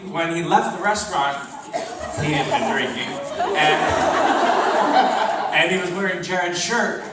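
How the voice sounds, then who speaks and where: A man's voice: fairly high pitch, a little slow, distant mic, over a noisy crowd, very noisy. A man on a convention panel telling a rambling funny story through a stage mic. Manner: rambling anecdotes, mimics others. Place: large convention hall stage. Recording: echoey hall taped from the audience.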